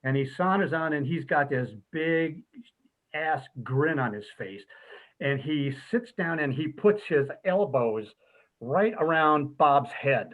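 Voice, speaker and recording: Man telling stories over a tinny call. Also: on the high side. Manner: laughing, lively storyteller. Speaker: storyteller at an online memorial. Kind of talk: casual anecdote telling. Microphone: video call. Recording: tinny phone-like call audio.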